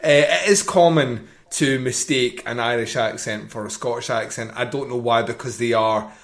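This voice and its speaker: A man's voice: mid-range voice, normal speed. A man co-hosting a film podcast in casual chat, enthusiastic, laughing often and restarting his sentences. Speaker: podcast co-host.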